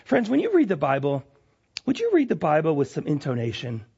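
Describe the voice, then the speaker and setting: Pastor, male, higher voice, lively preaching swinging emphatic to hushed; lo-fi church recording. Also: brisk, gravelly, breathy edge. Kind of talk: sermon. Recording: lo-fi dull sound.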